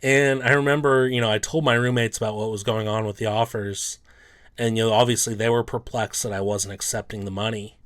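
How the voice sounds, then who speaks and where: A man's voice: on the low side, steady tone, a little fast, fairly bright tone. A sports card collector, a man, telling a personal story in a loose, rambling way, full of "um" and "you know".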